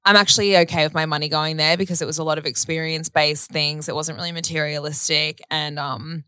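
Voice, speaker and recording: A woman from Australia, co-hosting a podcast and telling stories in a chatty, animated way. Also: low voice, fast talker, clear, resonant tone, dry recording. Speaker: podcast co-host. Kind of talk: casual chat.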